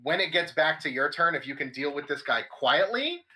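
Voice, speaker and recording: Relaxed bright-voiced male player. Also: fairly high pitch, moderate pace, rough recording. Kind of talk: casual tabletop play.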